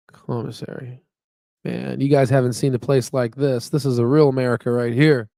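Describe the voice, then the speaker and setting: A chatty, upbeat man talks off the cuff on a live stream. His voice sits in an ordinary middle pitch, and he rambles through fillers and asides. The sound is dry and close, with no room echo. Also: creaky, darkish tone. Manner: rambling, filler-heavy, with frequent "you know what I mean". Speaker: stock market channel host. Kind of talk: casual live-stream chat.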